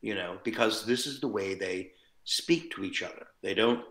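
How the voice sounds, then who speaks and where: A man, a voice actor guest, chatting casually in an interview, animated and quick with asides and chuckles. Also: on the low side. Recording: roomy echo.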